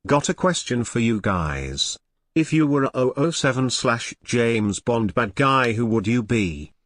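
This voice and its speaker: Male text-to-speech voice, dry and flat, reads donation messages. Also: medium pitch, a little slow, dry recording. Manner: flat synthetic reading.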